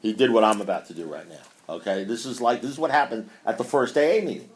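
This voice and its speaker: A man's voice: lowish voice, fast talker. A man speaking at a recovery meeting, reading passages aloud and pressing his points with rhetorical questions. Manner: emphatic, with rhetorical questions and swings in loudness; chuckling as he talks. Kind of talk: impassioned talk reading from a book.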